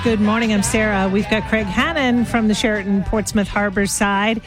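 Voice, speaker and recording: A woman's voice: medium pitch, steady tone, brisk, hardly any pauses. A woman hosts a radio morning show with a bubbly, playful manner. She laughs easily as she chats. Faint music sits under her studio voice. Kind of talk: casual radio chat.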